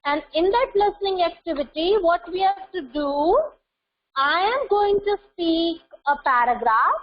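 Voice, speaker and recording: A woman's voice: very high voice, lively intonation, measured pace, highs cut off. A woman teaching an online class to young children, repeating words for pronunciation practice.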